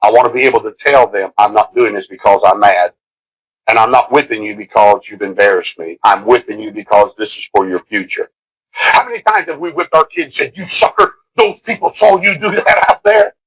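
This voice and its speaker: A middle-aged man preaching a sermon in an impassioned way, swinging from shouts to hushed lines. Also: fairly low pitch, fairly quick, husky, low-quality recording. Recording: old cassette tape of a live sermon.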